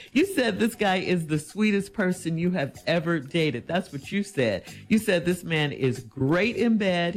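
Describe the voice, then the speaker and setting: A woman hosting an advice show, reading a listener's letter, then answering in an incredulous, teasing way. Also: lowish voice.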